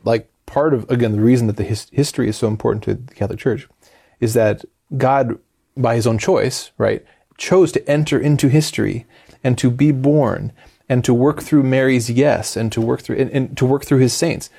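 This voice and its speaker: A man hosting a religious discussion, explaining in a measured way. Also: medium pitch, creaky, dark tone, slightly rough.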